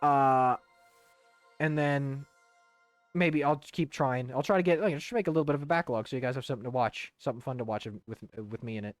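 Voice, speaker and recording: A man's voice: medium pitch, brisk, dry recording, faint music behind. A young man casually streaming a video game, rambling, swearing and humming to himself. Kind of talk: casual gaming stream chat.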